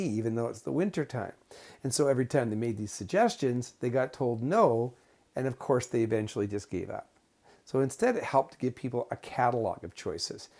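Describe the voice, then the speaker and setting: A man teaches a recorded lesson, telling stories from his work to make each point. His voice sits at an ordinary pitch with a gravelly edge. He talks plainly, like an instructor explaining things to students. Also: darkish tone. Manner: storytelling, plain-spoken, explanatory. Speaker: behavior management instructor. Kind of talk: recorded lecture with anecdotes.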